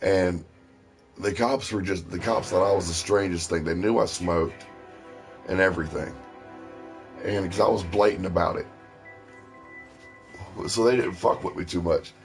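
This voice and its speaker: A man's voice: low-pitched, unhurried, long pauses, soft background music. A man from Ohio telling rambling personal stories in a casual, profane way. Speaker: stream host. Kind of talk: casual storytelling.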